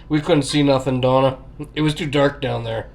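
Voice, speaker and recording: A man's voice: medium pitch, fairly even intonation, normal speed, creaky. A Canadian man with a Canadian accent, chatting loosely at his kitchen table, swearing and laughing as he talks. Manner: crude, swearing, laughing, tags lines with "eh". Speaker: vlogger. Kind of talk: casual vlog chat.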